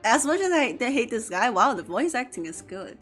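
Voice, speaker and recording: A woman streaming a video game live, commenting excitedly, laughing often and reading character lines aloud. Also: a little high, a little fast, faint music behind.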